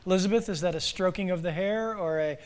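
A man's voice: high-pitched, fast talker. A man in his forties preaching an interactive sermon, joking with the congregation and calling on people by name. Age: 40s. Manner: playful, calls on the congregation by name. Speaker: pastor. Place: church sanctuary. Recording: reverberant hall.

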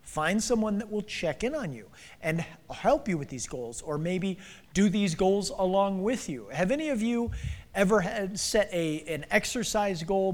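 A man in his forties preaching an interactive sermon, joking with the congregation and calling on people by name. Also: high-pitched. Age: 40s. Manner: playful, calls on the congregation by name. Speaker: pastor. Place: church sanctuary. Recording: reverberant hall.

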